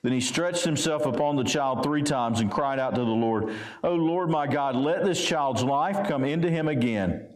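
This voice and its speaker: Southern male pastor, mid-pitched voice, reads scripture then comments plainly, roomy church sound. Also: normal speed, hardly any pauses. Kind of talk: sermon with scripture reading. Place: church sanctuary.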